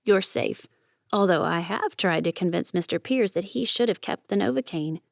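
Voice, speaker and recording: A bustling middle-aged seamstress chatters along with a gravelly edge in her voice, as a woman narrator puts her on. She sounds fussy and friendly in a storybook reading, recorded close and dry. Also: fairly low pitch, animated, moderate pace, dry recording. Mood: chatty.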